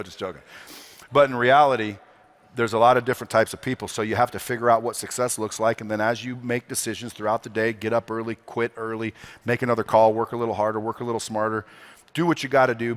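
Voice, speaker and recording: A man's voice: medium pitch, fairly bright tone. Brash, profane motivational man on stage. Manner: brash, profane, full of rhetorical questions. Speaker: conference speaker. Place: conference hall stage before a live audience.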